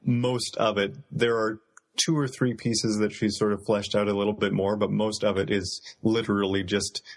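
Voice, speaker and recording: A man talking casually on an online podcast call, speaking in a measured way with frequent ums and uhs. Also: on the low side, flat delivery. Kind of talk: casual chat.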